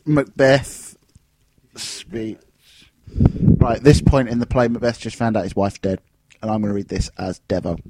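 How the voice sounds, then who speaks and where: A man's voice: on the low side, steady tone, unhurried, warm tone, dry recording. A man hosting a podcast from home, casual and jokey with a mock-theatrical streak. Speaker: podcast host. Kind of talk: casual chat.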